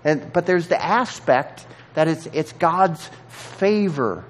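A man preaching a sermon in an earnest, halting way, often repeating words as he searches for the next thought. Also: a little high, animated, slight background noise. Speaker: pastor.

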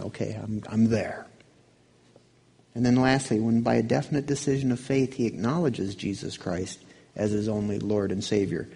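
A man's voice: on the low side, warm tone, breathy edge. A man preaching a sermon in a conversational way, asking his listeners questions. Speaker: pastor.

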